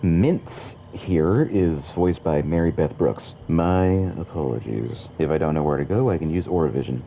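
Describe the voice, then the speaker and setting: A man's voice: extremely low pitch, normal speed, gravelly, warm tone, slight background noise. A man giving wry, sarcastic, nitpicky commentary while playing a video game. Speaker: gameplay commentator. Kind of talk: let's play commentary.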